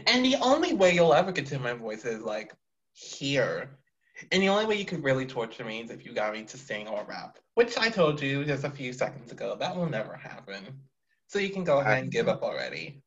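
A teenage male podcast host in casual chat, rambling and defensive. His pitch jumps around a lot. The recording is dull and lo-fi. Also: big pitch swings, brisk, fairly bright tone.

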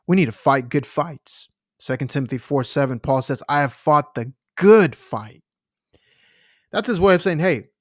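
An earnest man preaches in a podcast sermon and leans hard on his key points. His pace speeds up and slows down as he builds each idea. The sound is dry and close, with no room around it. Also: medium pitch, no room sound. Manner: earnest, emphatic, pace shifts. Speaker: pastor. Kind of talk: sermon-style podcast teaching.

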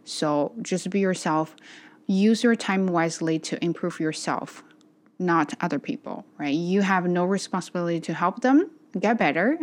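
A woman talks casually to her channel in a slightly low voice. She hesitates often and fills the gaps with ums and uhs as she goes. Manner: hesitant, many fillers. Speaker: vlogger and English teacher. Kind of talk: casual vlog chat.

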